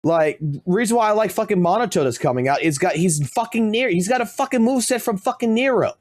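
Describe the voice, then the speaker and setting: A man's voice: high voice, expressive, fast, no echo. A man who streams games, ranting heatedly and swearing constantly. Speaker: game streamer. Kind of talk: profane gaming rant.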